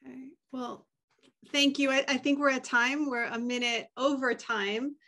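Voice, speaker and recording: A woman's voice: high-pitched, fairly even intonation, unhurried, sharp tone. A woman moderating a panel, graciously thanking the speakers as she wraps up. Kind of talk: closing remarks.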